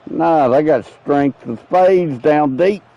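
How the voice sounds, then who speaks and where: A man's voice: a little high, takes it slowly, muffled recording. A man streaming a game, telling rambling, profane stories in casual chat. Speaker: gaming streamer. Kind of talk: casual chat while playing.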